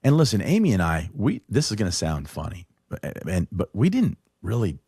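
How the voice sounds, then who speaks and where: A deep-voiced middle-aged man tells a heartfelt personal story as a podcast guest. He speaks earnestly, stumbling and restarting as he goes. The recording is close and dry, with no room sound. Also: wildly swooping pitch, warm tone, slightly rough, dry recording. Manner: earnest, halting, with frequent restarts. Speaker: podcast guest, show producer. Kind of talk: emotional personal storytelling in conversation.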